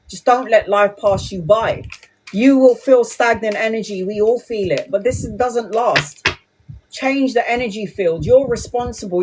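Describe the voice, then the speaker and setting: A middle-aged woman giving a live tarot reading in a blunt, profane, animated way. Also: on the high side, a little hiss or hum. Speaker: tarot reader.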